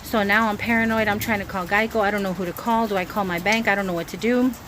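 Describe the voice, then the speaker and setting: A woman's voice: mid-range voice, fairly even intonation, quick pace. Chatty woman vlogging outdoors, noisy. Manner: anxious, chatty storytelling. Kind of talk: casual vlog talking to camera. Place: outdoors by a grill. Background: wind and outdoor ambience.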